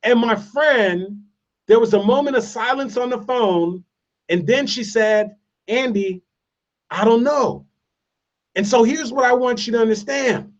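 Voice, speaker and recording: A man's voice: extremely high pitch, moderate pace. A man giving a motivational speech, telling a story with emphatic repetition. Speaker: motivational speaker. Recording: distant, dull lo-fi sound.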